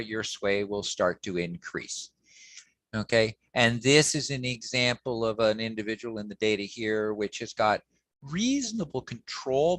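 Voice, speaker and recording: A man giving an academic lecture in a relaxed, conversational way, often pausing with "um" and checking in with "okay" as he explains slides. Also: medium pitch, no room sound. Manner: conversational, frequent "okay" and "um" fillers, self-corrections.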